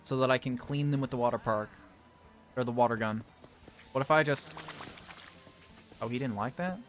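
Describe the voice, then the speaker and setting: Guy narrating his game, all dramatic and fed up, scolding everyone, normal pitched voice, soft music under it. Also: moderate pace. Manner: theatrical, exasperated, scolding game characters. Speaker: gaming video creator. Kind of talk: playing a game with running commentary.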